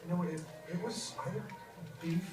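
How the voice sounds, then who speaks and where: An actor playing a restaurant diner who haggles over the bill in a hesitant, fumbling way. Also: male voice, high voice, fairly even intonation, moderate pace, lightly acted. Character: bargaining male restaurant diner, chuckling. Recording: distant echoey playback with music behind.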